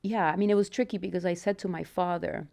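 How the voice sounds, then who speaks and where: A Mexican woman in her forties speaks as an interview guest in a low voice with a gravelly, creaky edge. She tells her life story candidly and reflectively, often stopping and restarting her sentences. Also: fairly even intonation, quick pace, a little mellow. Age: 40s.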